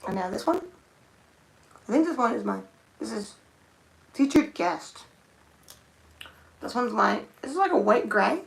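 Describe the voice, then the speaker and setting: Gravelly-voiced woman muttering while painting nails. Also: on the high side, expressive, measured pace, pauses often, slight background noise, poor audio. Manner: thinks aloud, muttering and humming to herself. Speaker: nail art streamer. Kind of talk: casual live-stream chatter while painting nails.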